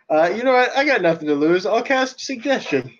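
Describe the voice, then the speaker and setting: A man's voice: sits high, a bit bright, dull audio. A man playing a tabletop game online, chatting casually, thinking aloud over the rules and laughing often. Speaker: player. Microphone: voice chat over internet.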